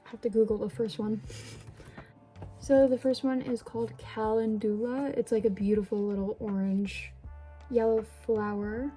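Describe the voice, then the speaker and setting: A woman's voice: a little high, fairly even intonation, moderate pace, warm tone, faint music behind, poor audio. A young woman vlogging at home, unboxing gifts in a gushing, chatty way with lots of fillers and little apologies. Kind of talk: casual vlog unboxing. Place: indoors at home.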